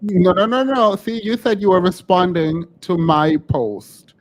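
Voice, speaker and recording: A man hosting a casual live call-in stream, animated and laughing, often breaking off mid-sentence. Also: sits high, a little slow. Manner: animated, laughing, self-interrupting.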